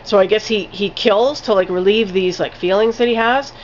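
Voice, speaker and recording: A woman's voice: medium pitch, moderate pace, slight background noise. Woman film reviewer, casual vlog delivery, rambling and profane, muffled lo-fi recording. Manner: rambling, many "like" fillers, casual swearing.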